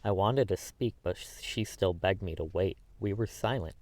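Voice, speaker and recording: A man's voice: low-pitched, normal speed, a little mellow, no echo. A man narrating a classic novel as an audiobook, earnest and emotive with small stumbles.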